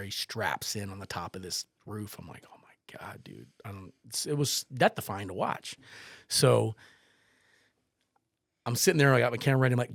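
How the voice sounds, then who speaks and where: A man's voice: on the low side, no room sound, studio quality. A man, a photographer and podcast guest, telling a story casually and animatedly, acting out quotes and swearing freely.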